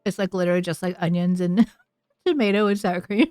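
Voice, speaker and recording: A woman's voice: on the low side, a little fast, a little mellow, dry recording. A woman live streamer chatting casually with her viewers, frank and chatty, swearing freely and using lots of filler words.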